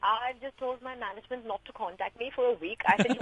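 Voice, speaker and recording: A young woman, a reality show contestant, chatting in a radio interview in a bubbly, quick way, laughing often and saying "like" and "man" a lot. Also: fairly high pitch, crowd noise, poor audio. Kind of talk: casual interview chat.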